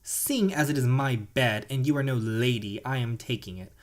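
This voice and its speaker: A man's voice: mid-range voice, normal speed, close to an everyday voice. A man voicing a smug, teasing young husband in a story game, with a dry, mocking delivery.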